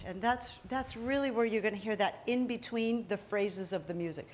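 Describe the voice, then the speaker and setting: Energetic belly dance coach counting moves. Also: female voice, mid-range voice, moderate pace, hardly any pauses. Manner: energetic, counts moves aloud with rhythmic cues. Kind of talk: live dance instruction while demonstrating.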